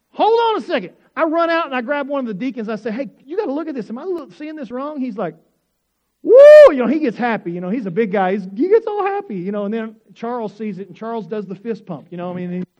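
A man preaching a sermon as pastor, telling a story with animated swings into excited shouts. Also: high voice, dull audio.

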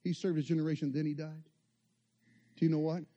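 Guy preaching a sermon, high voice, gets really fired up and loud. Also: little pitch movement, a little fast, highs cut off. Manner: impassioned, rising to loud fervent peaks.

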